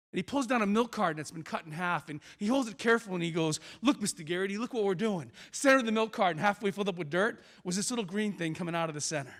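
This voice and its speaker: A man with a fairly high voice giving a motivational talk on a school auditorium stage. He tells stories dramatically, acts out the characters, and leans on big pauses for effect. He speaks into a stage microphone. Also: fairly bright tone. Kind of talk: animated storytelling talk.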